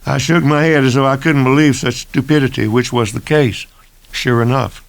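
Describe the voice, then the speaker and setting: Man in his sixties narrating his own novel, gravelly and measured. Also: medium pitch, fairly even intonation, no echo. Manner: measured, deliberate first-person reading. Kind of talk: abridged audiobook narration.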